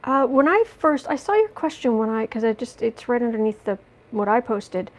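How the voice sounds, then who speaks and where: A woman hosting a casual livestream from home, chatting with viewers and reading their questions in a relaxed, rambling way. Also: on the high side, normal speed. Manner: chatty, coos baby talk to her cat between reading viewer questions. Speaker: tarot reader and livestream host.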